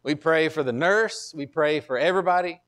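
A man's voice: a little high, a little fast, a bit bright. A man pastor preaching a sermon in an earnest, conversational way, repeating key phrases and restarting his sentences. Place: church.

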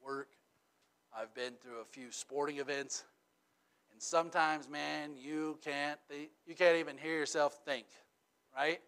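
A middle-aged man preaching a sermon in a conversational way, often checking in with "okay?" and "right?". He swings from loud, emphatic stretches to quiet, intimate ones. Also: on the high side, steady tone, measured pace, clean tone. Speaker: pastor.

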